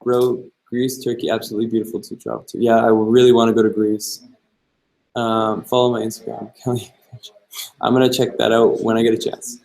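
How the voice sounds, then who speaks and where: A man's voice: mid-range voice, level tone, brisk, creaky, darkish tone, rough recording. A young man hosting a live-stream Q&A, answering viewer questions in an easygoing way and thinking aloud as he goes. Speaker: travel vlogger host.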